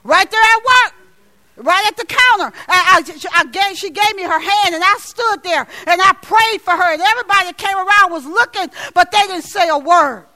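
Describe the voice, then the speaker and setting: Woman preacher, very high-pitched, fervent sermon delivery that swells to shouting. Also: normal speed. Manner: impassioned, rising to shouts, repeating phrases. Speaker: church speaker.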